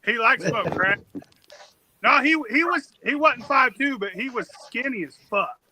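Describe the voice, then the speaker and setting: High, very bright male podcast host, crude rambling storyteller. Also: lively intonation, unhurried, a little hiss or hum, low-quality recording. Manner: rambling, profane, drawling Southern storyteller. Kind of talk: casual profane storytelling.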